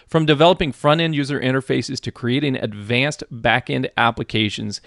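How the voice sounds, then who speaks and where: A man's voice: mid-range voice, vocal fry, no echo, studio quality. A man hosting a tech podcast, chatty and upbeat, laughing often as he talks with his guest. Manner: chatty, laughs often, shifts into a soft radio voice. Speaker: podcast host. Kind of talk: casual podcast chat.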